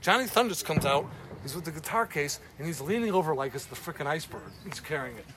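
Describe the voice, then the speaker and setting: A man's voice: on the high side, quick pace, slight background noise. A man casually telling an anecdote as a guest, swearing often and breaking into laughs. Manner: profane, laughing, animated storyteller. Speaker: guest storyteller, former club owner.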